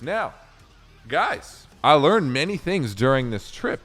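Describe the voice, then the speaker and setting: A man's voice: medium pitch, slow pace. Young streamer guy from canada ranting a story, lots of swearing, voice all over the place. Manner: animated, profane, rambling with many fillers. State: recounting a sleepless night drive. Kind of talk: casual storytelling.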